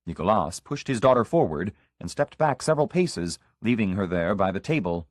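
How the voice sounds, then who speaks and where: Man, audiobook narration, expressive, lively pitch, dry recording. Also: moderate pace, hardly any pauses, dry recording.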